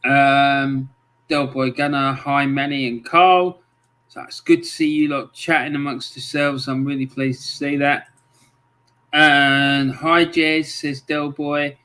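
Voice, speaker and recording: The livestream host now speaks slowly in a mid-range, level voice that sounds pushed and bright. He stays friendly and casual, saying hello to viewers, reading their comments and using plenty of ums.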